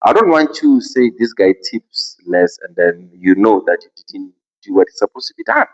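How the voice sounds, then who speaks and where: A man with a South African accent, hosting a podcast and telling a story in a casual, expressive way. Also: on the low side, normal speed, creaky, highs cut off. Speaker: podcast host.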